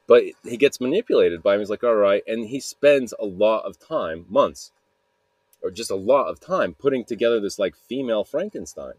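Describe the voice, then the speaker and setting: A man's voice: on the low side, animated, moderate pace, darkish tone, breathy edge, no room sound. A man hosting a podcast, retelling a story in a loose, rambling way, full of restarts and fillers. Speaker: podcast host.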